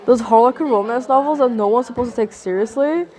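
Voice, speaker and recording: A woman's voice: fairly high pitch, fast, warm tone. Rambling, sarcastic woman vlogger. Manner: rambling and sarcastic, heavy use of "like", swears. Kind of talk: casual monologue to camera.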